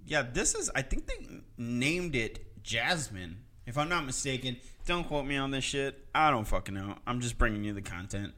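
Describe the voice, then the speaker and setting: A man hosting a podcast in casual chat, talking loud, rambling and swearing constantly. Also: medium pitch, big pitch swings, normal speed, hardly any pauses. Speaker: podcast host.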